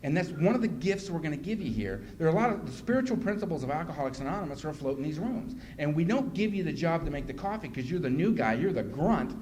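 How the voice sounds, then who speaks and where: A man's voice: on the high side, sing-song, fast, few pauses, darkish tone. A man voicing his blunt, stern male sponsor, lecturing a newcomer with hard truths. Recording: noisy live room recording.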